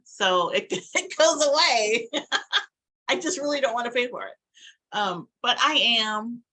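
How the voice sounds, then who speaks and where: A woman's voice: a little high, animated, takes it slowly, pushed and bright, low-quality recording. A woman giving a casual, rambling spiritual talk to camera, now and then acting out little quoted asides. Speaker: spiritual vlogger.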